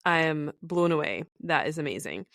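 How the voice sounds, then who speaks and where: A woman's voice: low-pitched, big pitch swings, moderate pace, gravelly, a bit bright, dry recording, clean studio sound. A woman with a Scottish accent hosting her own solo podcast, talking in an enthusiastic, chatty way with many fillers. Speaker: podcast host.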